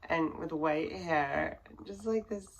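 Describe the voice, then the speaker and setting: A woman's voice: deep voice, slow pace, gravelly, slight background noise, poor audio. A woman casually telling a personal story to camera in a rambling way, full of fillers, her voice dropping to near whispers at tense moments. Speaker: vlogger.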